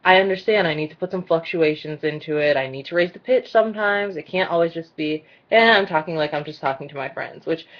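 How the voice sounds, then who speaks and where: A woman vlogger ranting in a casual, blunt and exasperated way, her voice mostly monotone. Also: deep voice. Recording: dull lo-fi recording.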